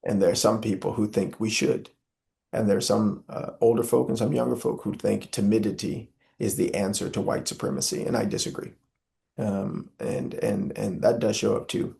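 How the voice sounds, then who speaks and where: A man's voice: fairly low pitch, fairly even intonation, normal speed, vocal fry, dark tone. A young man, speaking as an interview guest in an earnest, preacherly way with many filler "uh"s. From Southern US. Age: young adult. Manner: impassioned, preacherly, frequent filler "uh".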